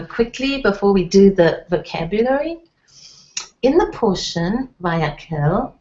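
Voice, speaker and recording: A woman teaching a language lesson in a patient, step-by-step way, with frequent pauses and fillers. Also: lowish voice, darkish tone, muffled recording. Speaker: Hebrew teacher. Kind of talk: slow, careful language lesson.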